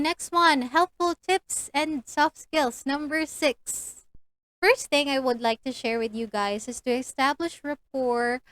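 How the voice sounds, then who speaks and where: A young Filipino woman from the Philippines chats through a casual tutorial vlog, switching between English and Tagalog and acting out lesson lines. She has a Filipino accent, and her voice is on the high side and a bit bright, captured in a rough recording.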